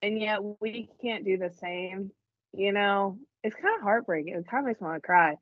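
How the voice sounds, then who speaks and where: A woman's voice: medium pitch, moderate pace, no room sound, highs cut off. A woman co-hosting a podcast, chatting emotionally about faith and often laughing. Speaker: podcast co-host. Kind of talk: casual faith chat.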